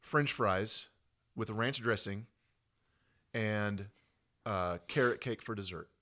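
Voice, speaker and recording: A man's voice: on the low side, takes it slowly, pushed and bright. A man hosting a podcast, chatting casually and laughing a lot, with a stutter on certain words. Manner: laughs a lot, playful banter. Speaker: podcast host. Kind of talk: casual chat.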